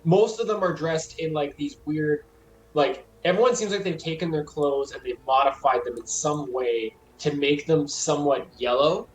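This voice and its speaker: A man's voice: a little high, normal speed, a little hiss or hum. A young man narrating as game master in a rambling way, full of fillers. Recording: roomy sound with faint music.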